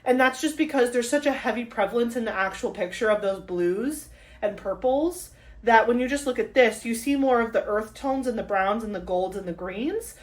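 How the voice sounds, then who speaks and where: A young woman chatting casually while unboxing craft kits, gushing and excitable, with lots of fillers and gasps. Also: fairly high pitch, normal speed. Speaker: crafting vlogger. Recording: echoey room, mic at a distance.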